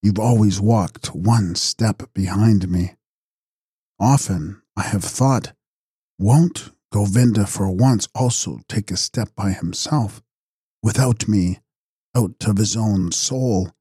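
A man voicing a calm, wise young seeker who speaks quietly and kindly, without mockery. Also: lowish voice, slow pace, slightly rough, no room sound, studio quality, heavily acted. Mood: gentle, resolved.

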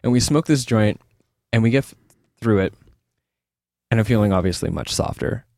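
A man's voice: on the low side, expressive, moderate pace, gravelly, a little mellow, dry recording, clean studio sound. A man interview guest telling personal stories candidly, in a loose, rambling way with many fillers and restarts. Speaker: guest, author. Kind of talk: candid conversational storytelling.

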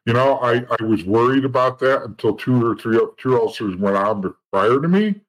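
This man, a former police officer and informant appearing as an interview guest, speaks at a medium pitch, expressively and briskly, though the audio is poor. He tells his story bluntly, swears a lot, and acts out other people's lines.

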